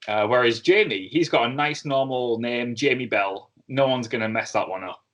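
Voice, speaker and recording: A man's voice: medium pitch, normal speed, a bit bright. A man hosting an interview, chatting in a friendly way and giving long setups before his questions. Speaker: podcast host and interviewer. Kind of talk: casual interview chat.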